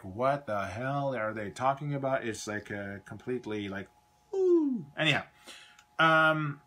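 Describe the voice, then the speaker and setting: Bright-voiced rambling Canadian man. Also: mid-range voice. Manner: rambling, chatty, trails off mid-thought. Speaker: toy reviewer hosting a live stream. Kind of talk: casual live-stream chat.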